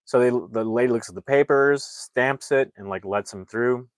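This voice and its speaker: A man's voice: mid-range voice, moderate pace, no echo. A man reviewing a movie, casually retelling the plot in a rambling way with lots of fillers and restarts.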